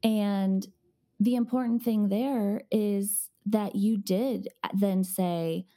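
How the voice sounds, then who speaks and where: A woman's voice: medium pitch, fairly even intonation, unhurried, mellow. A woman co-hosting a podcast, giving earnest, reassuring parenting advice in casual conversation.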